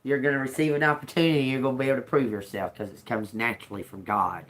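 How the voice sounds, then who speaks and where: Swearing freely and laughing often, a woman tells animated stories during a casual tarot reading. She has a bass voice and talks fast.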